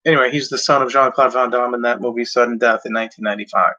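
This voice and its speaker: Rambling man with a bright voice. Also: medium pitch, steady tone, rapid-fire. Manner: rambling, hesitant, with many fillers and self-corrections. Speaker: video host. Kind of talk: casual talk to camera. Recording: dull lo-fi sound.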